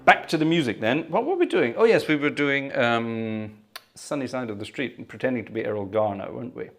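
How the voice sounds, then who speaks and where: A cheerful man hosting a live organ-music stream. He talks to viewers in a chatty, effusive way and keeps thanking them by name. His pitch swings up and down in a lively, sing-song way. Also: a little fast. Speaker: livestream organist and host. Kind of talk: live-stream chat between organ tunes.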